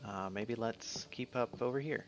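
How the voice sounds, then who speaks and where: A man streaming a game in a relaxed, casual way, musing to himself as he plays. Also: mid-range voice, unhurried, slight background noise. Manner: easygoing, mumbles to himself while playing. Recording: slightly dull sound, faint music behind.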